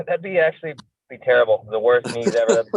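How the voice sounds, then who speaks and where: A man's voice: mid-range voice, animated, brisk, no echo. A man co-hosting a podcast in loose, joking casual sports chat, cursing casually. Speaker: podcast co-host. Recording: tinny phone-like sound.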